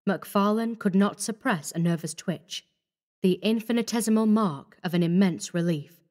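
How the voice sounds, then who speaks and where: A woman's voice: lowish voice, a little mellow. Woman narrating a horror story.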